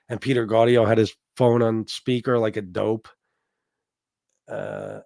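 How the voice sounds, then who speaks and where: A middle-aged man of Sicilian heritage hosts a livestream, answering chat he reads aloud and telling brash, profane stories. His voice is on the low side and a little mellow, in studio-quality audio with no echo.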